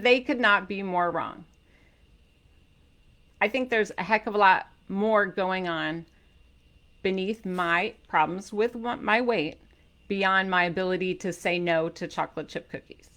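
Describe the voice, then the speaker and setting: Talking to camera about her diet work, this middle-aged author and keto coach has a bright, forward mid-range voice, unhurried and full of pauses. Her manner is playful and lively, with loud emphatic outbursts for key points.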